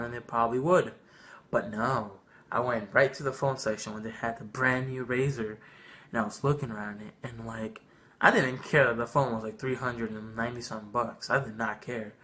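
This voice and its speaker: A young man telling a funny childhood story in a casual vlog, animated and swearing freely. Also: medium pitch, a little fast. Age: young adult. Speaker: vlogger.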